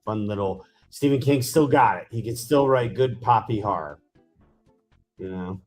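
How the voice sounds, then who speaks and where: A man's voice: fairly low pitch, normal speed, darkish tone, faint music behind. A man hosting a casual miniature-painting chat, rambling enthusiastically as he tells stories. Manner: chatty, rambling, enthusiastic storyteller.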